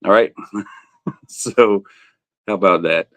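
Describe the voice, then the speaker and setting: A man with a fairly low voice hosts a relaxed live auction, teasing himself and the bidders and laughing between items. His voice is recorded close and dry, with no room echo. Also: slow. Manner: joking, laughs often, self-teasing; talks buyers through bids by name. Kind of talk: casual livestream auction chat.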